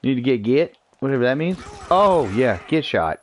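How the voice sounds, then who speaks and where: A man's voice: mid-range voice, very animated, normal speed. A man streaming an online shooter game, joking, swearing and talking to himself and his teammates as he plays. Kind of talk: live gameplay commentary.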